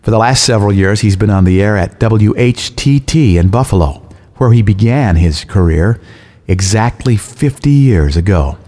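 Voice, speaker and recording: A man presenting a radio show in a measured announcer delivery. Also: on the low side, animated, dark tone. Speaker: radio host.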